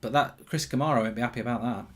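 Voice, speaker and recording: A man's voice: mid-range voice, very fast, fairly bright tone. A man hosting a live football watchalong, chatting casually, reading out viewer comments, with frequent ums and restarts.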